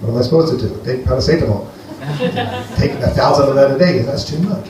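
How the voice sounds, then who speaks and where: A man from Greece performs a loose, rambling stand-up set, dry and playful as he talks to the crowd. His voice sits at an ordinary middle pitch. The sound is very echoey and distant, with room noise clearly present behind him. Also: fast. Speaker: stand-up comedian. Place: comedy venue with a live audience. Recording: echoey live room, heard from afar.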